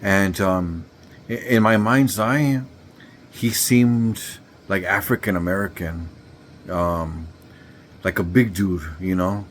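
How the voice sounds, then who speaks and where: Low-voiced man rambling casually. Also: slow pace, slight background noise. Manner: rambling, filler-heavy, laid-back slang. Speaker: vlogger. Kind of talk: casual storytelling to camera.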